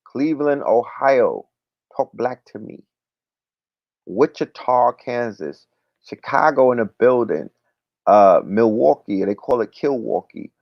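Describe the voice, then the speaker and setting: Gravelly and mid-range with lively intonation, this livestream host talks at a slow pace with no room sound. His loose, slangy chat includes viewer shout-outs and a repeated "you know what I'm talking about," all in dry, dull lo-fi audio.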